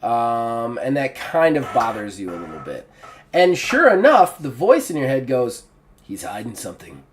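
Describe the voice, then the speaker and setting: A man's voice: mid-range voice, huge pitch swings, a little slow. A man narrating a tabletop game as game master in a casual, rambling way. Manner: casual, rambling with fillers and restarts.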